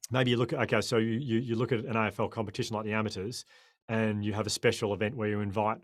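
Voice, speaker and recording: An Australian man in his forties, a guest on a podcast interview, talking in an impassioned, animated way. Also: fairly low pitch, fast, no echo, studio quality. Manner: impassioned, animated storyteller who acts out quoted voices.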